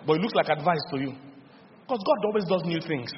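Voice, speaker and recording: A middle-aged Nigerian man preaching a sermon in a lively storytelling style, with call-and-response. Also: fairly high pitch, quick pace. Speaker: pastor. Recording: dull lo-fi sound with long hall reverb.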